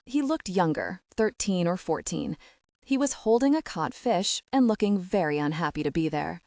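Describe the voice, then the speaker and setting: A woman reads a first-person novel aloud in a low, measured voice. Her narration is steady and even. The recording is close and dry. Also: no echo. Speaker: audiobook narrator.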